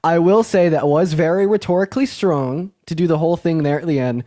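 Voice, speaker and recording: A man's voice: fairly high pitch, brisk, few pauses, mellow. A man hosting a stream debate, mocking and sarcastic toward his opponent. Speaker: stream host. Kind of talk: heated online debate.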